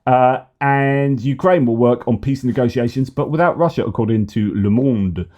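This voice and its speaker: A man's voice: medium pitch, fairly even intonation, unhurried, mellow, highs cut off. A man hosting a casual news commentary vlog, wry and opinionated, thinking aloud as he goes. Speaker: news commentator and channel host.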